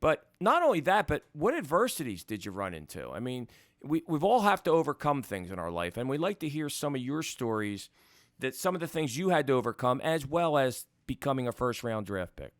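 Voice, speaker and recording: A man hosting a podcast, asking friendly, halting interview questions. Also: medium pitch, sing-song, fairly bright tone, no echo, clean studio sound. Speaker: podcast host.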